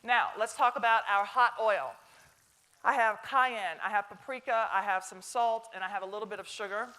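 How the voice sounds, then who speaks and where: A woman's voice: mid-range voice, normal speed, pushed and bright. A middle-aged woman with a Southern American accent, giving a chatty, joking cooking demonstration to a live audience. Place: stage kitchen before a live audience.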